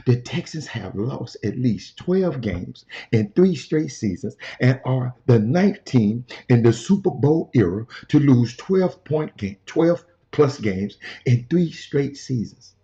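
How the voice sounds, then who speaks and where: Hosting a sports talk show from a hotel room, a man speaks in a dark-toned, medium-pitched voice that is animated yet slow, with hardly any pauses. He talks casually and emphatically, going over his points again and calling out to his cohost and viewers. A portable camera records it with dull lo-fi sound.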